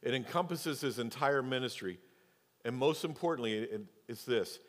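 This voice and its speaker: A male pastor preaching a sermon, moving between loud, emphatic stretches and quiet, low asides. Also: normal speed. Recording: long church reverb.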